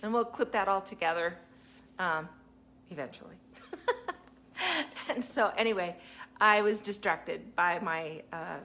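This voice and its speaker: A woman's voice: on the low side, fairly bright tone, a little hiss or hum. A woman teacher giving a casual live talk, chatty and laughing often as she acts out kids and parents.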